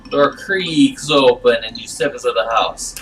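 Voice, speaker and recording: A man's voice: medium pitch, a little slow, a bit bright, distant mic, soft background music, poor audio. A man reading a game's text aloud and adding wry, bemused comments, sometimes stammering. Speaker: gamer playing through a game.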